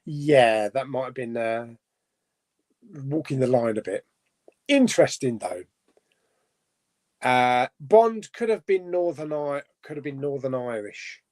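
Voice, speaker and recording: A man's voice: mid-range voice, animated, takes it slowly, pauses often, darkish tone. A man hosting a casual live stream chat, reading out viewer comments and rambling chattily with frequent self-corrections and laughs.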